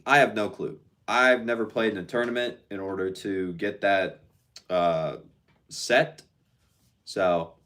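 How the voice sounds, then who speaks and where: A man's voice: deep voice, a bit bright. A man casually chatting on a live stream, reading out viewer comments and answering them in a laid-back, slangy way.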